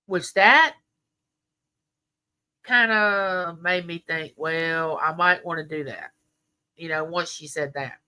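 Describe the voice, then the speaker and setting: A woman's voice: on the low side, slow pace, pauses often, bright, forceful tone, clean tone. A middle-aged woman, chatting with viewers on a livestream and telling stories full of quoted dialogue. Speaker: livestream host. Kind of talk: casual chat with viewers.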